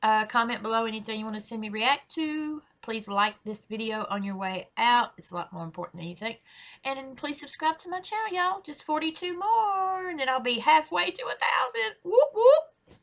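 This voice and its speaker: A woman's voice: on the high side, expressive, a little fast, fairly bright tone. A woman hosting a reaction video. She speaks candidly to her viewers, swears freely and apologizes often. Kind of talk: casual reaction chat.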